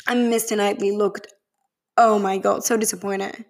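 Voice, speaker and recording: Woman vlogger, mid-pitched, chatty and profane, gushing film review. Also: level tone, normal speed. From Spain. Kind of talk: casual chat.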